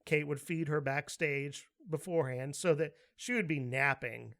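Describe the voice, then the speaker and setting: Guy cohosting a podcast, kinda high voice, laughs a lot, gets loud acting out stories. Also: moderate pace, vocal fry. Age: adult, with a daughter. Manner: animated storyteller, laughs often, acts out quotes loudly. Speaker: podcast co-host. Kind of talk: casual chat.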